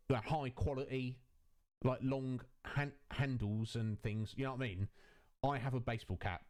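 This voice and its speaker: A man's voice: medium pitch, a little mellow. A man hosting a casual live stream on a headset mic, answering his viewers' chat in a chatty, rambling way. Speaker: Twitch streamer and host.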